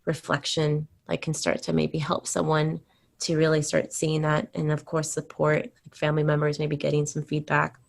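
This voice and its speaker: A woman's voice: low-pitched, monotone, moderate pace, gravelly. A woman hosting an interview, speaking thoughtfully and somewhat hesitantly, with filler words as she reflects. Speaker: podcast host.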